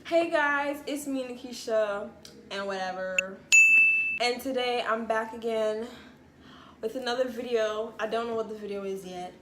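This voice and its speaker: A woman's voice: fairly high pitch, unhurried, very noisy. Rambling woman vlogger. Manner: rambling, self-mocking. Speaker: vlogger host. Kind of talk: casual vlog chat. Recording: echoey room with music playing.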